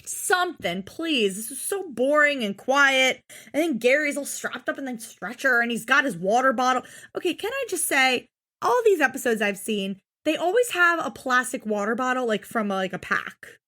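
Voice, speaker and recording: A woman with a high voice co-hosting a casual podcast. She recaps episodes in an exasperated, profane way and acts out quotes in mock voices. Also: big pitch swings, moderate pace, pushed and bright. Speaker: podcast co-host.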